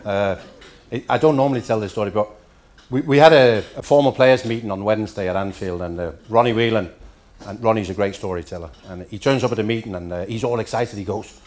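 A man's voice: lowish voice, fast talker, a little mellow. Danish-born man telling after-dinner stories. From Denmark. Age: middle-aged. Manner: dry storytelling with punchlines. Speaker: after-dinner guest speaker. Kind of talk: after-dinner speech with anecdotes. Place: hotel function room.

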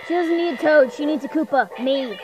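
A woman hosting a casual reaction video, playful and excitable, joking back at what she watches, with music from the video playing behind. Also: high voice, brisk, low-quality recording. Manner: playful, excitable, jokey banter. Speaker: video reactor, channel host. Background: music from the video being watched.

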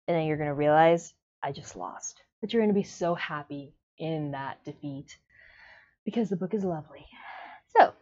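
A woman's voice: fairly low pitch, dull audio. A woman giving a casual, emotional book review on video, acting out her own reactions.

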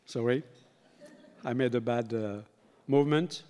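An older man with a French accent giving a conference keynote, tired and halting, with many fillers and self-deprecating remarks. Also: mid-range voice, a little mellow. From France. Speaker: keynote speaker. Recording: long hall reverb.

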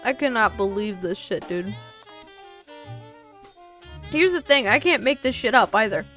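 Slow-talking young woman streamer. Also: medium pitch, animated, fairly bright tone, soft background music. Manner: exasperated, swearing, laughing at tech trouble. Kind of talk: casual live-stream chat.

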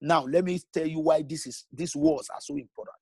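A man preaching a sermon as pastor, emphatic, with big swings in pitch and pace and halting restarts when explaining. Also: a little mellow, breathy edge, no echo.

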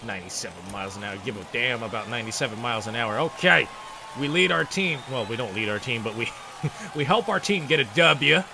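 A young man commenting on his own baseball video game play, excitable and self-mocking, laughing at his mistakes. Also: mid-range voice, fairly quick, vocal fry, noisy background. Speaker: gaming video host. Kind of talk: gameplay commentary.

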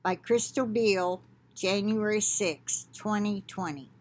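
A woman hosting an online Christian channel, reading a prophetic message aloud in a slow, solemn, devout way. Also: medium pitch, a little mellow. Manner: slow, deliberate, devout reading with casual asides.

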